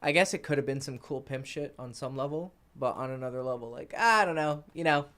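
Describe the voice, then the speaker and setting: A man's voice: medium pitch, a little fast, bright, forceful tone. A man in his thirties, a dating coach, telling stories in a casual, rambling livestream Q&A with many fillers and restarts.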